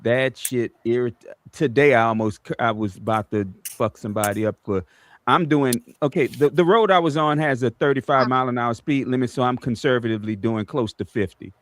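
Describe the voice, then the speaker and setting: A man's voice: medium pitch, a little fast. A man on a podcast panel, swearing freely and telling a story with lots of energy in casual chat. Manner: profane, animated storytelling.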